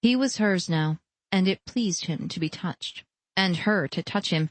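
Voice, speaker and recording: A woman narrating a romance audiobook with soft storytelling. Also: lowish voice, measured pace, dry recording. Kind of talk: scripted narration.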